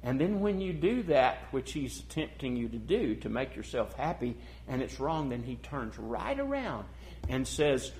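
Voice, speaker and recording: A male preacher delivering a sermon, asking the listeners questions and swinging from loud, emphatic declarations to hushed, intimate passages. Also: medium pitch, sing-song, unhurried. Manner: asks the congregation rhetorical questions.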